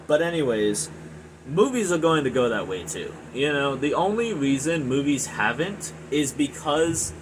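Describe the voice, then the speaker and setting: A man's voice: fairly high pitch, noisy background. A man in his twenties ranting angrily about gaming, swearing often and rambling with lots of fillers and restarts. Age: 20s. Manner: profane, frustrated, rambling with many fillers. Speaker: gaming video reviewer. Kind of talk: angry ranting monologue.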